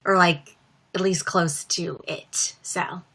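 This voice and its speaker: A perky young female pop star with an upbeat, smiling delivery and lots of uptalk, put on by a young woman as an impression. The tone is bright and forward, and she takes her time with each phrase. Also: lowish voice, steady tone, slow pace, full character voice. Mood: bubbly. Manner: talks with a smile, uptalk. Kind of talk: celebrity speaking impression.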